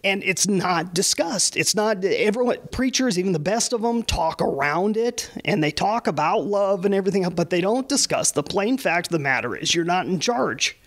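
A man with a notably high voice shares his experience with a group. His voice trembles as if he were close to tears, and he talks in an earnest, rambling way. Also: lively intonation, normal speed, few pauses. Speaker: participant in a group discussion. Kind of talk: earnest personal testimony.

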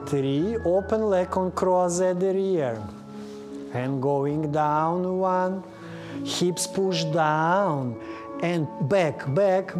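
A ballet teacher, a native Russian speaker with a Russian accent, counting beats and correcting students by name during a class in a studio. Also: mid-range voice. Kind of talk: live ballet class instruction. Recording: class music playing behind. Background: piano accompaniment.

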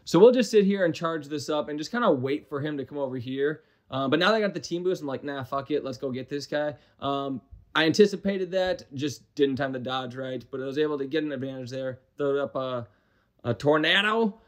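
Young Midwestern man, slightly high voice, casual rambling game commentary, self-deprecating and profane. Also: a little fast. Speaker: gaming commentator.

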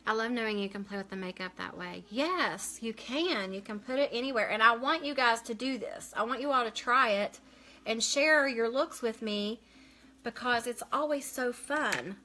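Bright, chatty woman on a live stream. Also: a little high, moderate pace. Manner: chatty, reads viewer comments aloud and answers them. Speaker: makeup consultant hosting a live stream. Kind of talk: casual live-stream chat.

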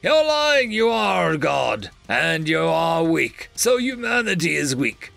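A man's voice: on the high side, very animated, moderate pace, vocal fry, bright, forceful tone, husky, faint music behind, pitched above the performer's own voice, heavily acted. A man voicing a cold, arrogant alien official who judges civilizations, speaking bluntly in a storybook reading. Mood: scornful. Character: cold arrogant alien male god-assessor.

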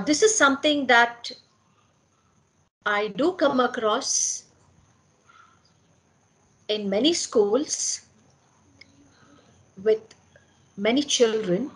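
A woman's voice: a little high, fairly bright tone. A woman giving a talk on parenting to parents at a school meeting, earnest and asking questions to answer them herself.

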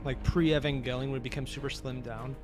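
A man hosting a reaction video, excitable and rambling, with self-deprecating asides, on a close mic. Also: mid-range voice, brisk, music in the background. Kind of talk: reaction commentary.

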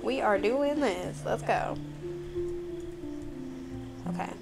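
A woman's voice: on the high side, takes it slowly, creaky, music in the background. A woman playing a horror video game, chatting nervously to her viewers as she goes. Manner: jittery, chatty, talks to viewers as y'all. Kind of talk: let's play commentary.

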